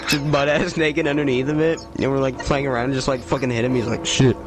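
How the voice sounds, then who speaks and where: A man's voice: medium pitch, flat delivery, a little fast, music in the background. A young man rambling through a made-up story in casual late-night chat, swearing and laughing a lot. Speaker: friend telling a made-up story.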